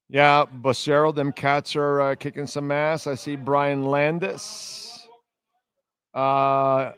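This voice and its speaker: A man hosting a sports radio show, rambling through a profane story and reading chat comments. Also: medium pitch. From Miami. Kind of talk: casual live-stream chat.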